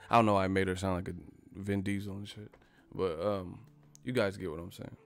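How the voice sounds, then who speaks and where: A man's voice: low-pitched, steady tone, a little fast, creaky, soft background music. A man hosting a casual live stream, rambling and swearing freely and laughing often.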